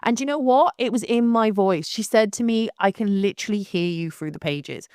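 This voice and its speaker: A young woman, hosting her own podcast in a blunt, animated, casual monologue with frequent restarts. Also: mid-range voice, normal speed, clean tone, no room sound, clean studio sound.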